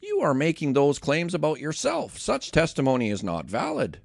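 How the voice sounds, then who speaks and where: A man voicing indignant religious leaders who fire off scornful questions, the pitch swinging widely. His voice has a gravelly grain on a dry, close recording. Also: huge pitch swings, moderate pace, no echo, exaggerated voice.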